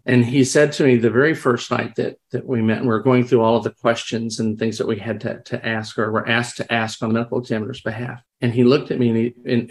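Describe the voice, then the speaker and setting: A man sharing experiences in a reflective, conversational way, often restarting sentences and acting out quoted dialogue. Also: medium pitch. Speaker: podcast guest, crisis responder. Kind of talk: conversational storytelling.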